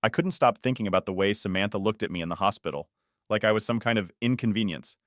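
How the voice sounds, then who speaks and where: A man narrates a scripted first-person drama story in a casual, conversational tone. His voice sits low. The recording is dry and close, with no room sound. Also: fast talker, dry recording.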